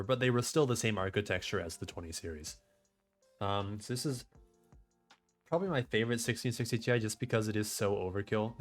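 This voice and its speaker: A young man live-streaming from home, chatting loosely with his viewers and rambling through explanations of computer hardware, swearing freely. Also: fairly low pitch. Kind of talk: casual live-stream chat, reading chat aloud. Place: home room.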